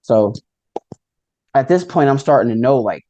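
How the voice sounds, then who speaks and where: Mellow-voiced man telling his story. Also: mid-range voice, lively intonation, moderate pace, no echo, dull audio. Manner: loose storytelling with many fillers and acted quotes. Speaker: near-death experience speaker. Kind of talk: casual personal testimony.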